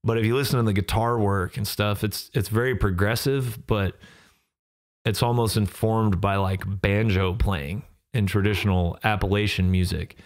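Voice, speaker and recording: A man, hosting his own podcast in a relaxed, rambling way with many fillers and laughs. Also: on the low side, moderate pace. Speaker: podcast host and musician. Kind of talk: casual solo podcast talk.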